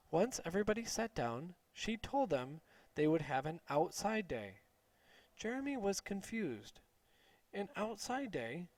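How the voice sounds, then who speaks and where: A man reading a children's story aloud slowly and clearly for English learners. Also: fairly high pitch, no room sound. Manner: slow, clear, expressive.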